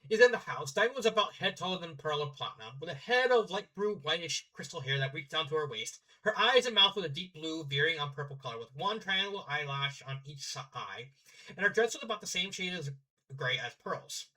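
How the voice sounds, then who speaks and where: Young guy reading fanfic out loud, bright voice, trips over words and adds little comments. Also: on the high side, expressive, brisk, rough recording. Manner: stumbles and self-corrects, chatty asides. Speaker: fanfiction reader. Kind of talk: casual fanfiction reading with asides.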